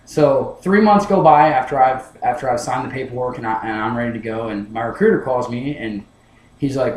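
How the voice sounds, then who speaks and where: A man's voice: medium pitch, quick pace. Young man telling a story in an echoey room. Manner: storytelling with many restarts, acts out his past self. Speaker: student speaker. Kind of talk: class speech, personal story. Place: classroom.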